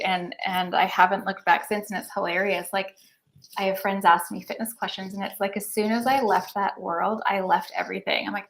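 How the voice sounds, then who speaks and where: A somatic breathwork coach appears as a podcast guest, telling her personal story in an interview in a chatty, earnest way with many fillers. Her medium-pitched voice is gravelly and a bit bright, with fairly even intonation and normal speed.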